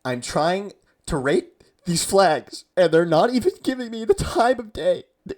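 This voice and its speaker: A man's voice: sits high, sing-song, a little slow, darkish tone. A young man delivering a mock-outraged comedic rant, exasperated and repeating himself for effect. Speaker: comedy video host.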